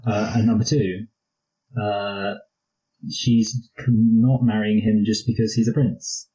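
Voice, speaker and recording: Young guy, warm low-key voice, rambles and jokes around about a movie. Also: flat delivery, slow pace, poor audio. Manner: rambling, jokey, slips into posh impressions. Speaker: co-host of a movie review show. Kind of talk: casual chat.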